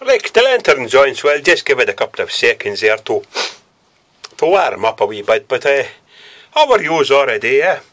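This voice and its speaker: A man's voice: mid-range voice, sing-song, normal speed, a bit bright. A Scottish man chatting casually to the camera in a small hut, rambling on and ending nearly every phrase with a questioning "eh?". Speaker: vlogger. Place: small cluttered wooden hut, indoors.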